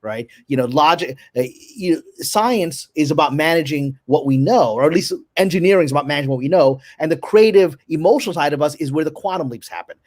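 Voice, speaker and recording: A man with a fairly high voice talks quickly as a guest on a live stream. He is talkative and opinionated, running through ideas in a loose, casual way. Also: lively intonation, a little mellow. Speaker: guest screenwriter.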